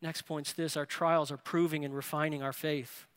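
A man preaching a sermon, telling a family story with rising excitement. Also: on the high side, normal speed, clear, resonant tone. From New Orleans area. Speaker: pastor. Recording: reverberant hall.

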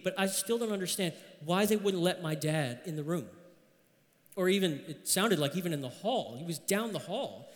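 Storytelling male pastor, slightly high voice. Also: long reverb tail. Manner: conversational storytelling. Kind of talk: sermon.

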